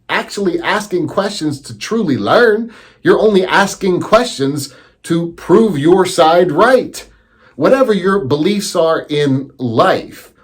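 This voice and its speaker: A man telling a teaching story as a lesson, animated and acting out the voices he quotes. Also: a little high, slightly rough.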